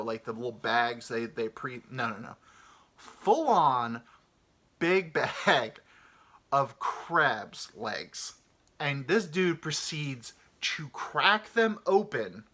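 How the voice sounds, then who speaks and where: A man hosting a comedy podcast, telling a travel story in a rambling, swearing, animated way. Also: mid-range voice. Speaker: podcast host.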